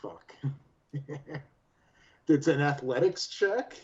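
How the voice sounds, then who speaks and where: A man's voice: fairly high pitch, drawn-out words, a little mellow. A man playing a tabletop game in a loose, joking way, swearing casually. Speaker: player. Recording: dull lo-fi mic.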